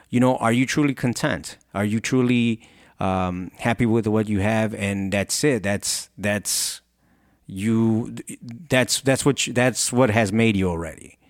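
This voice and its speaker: A man's voice: lowish voice, dry recording, studio quality. A man who founded a clothing brand and has kids, giving an earnest, rambling motivational talk. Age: adult with children. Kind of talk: motivational monologue.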